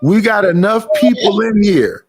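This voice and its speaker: A middle-aged man hosting a livestream in a casual chat, telling animated stories. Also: high voice, a little slow, breathy edge, faint music behind. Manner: animated storytelling with acted quotes. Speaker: livestream host.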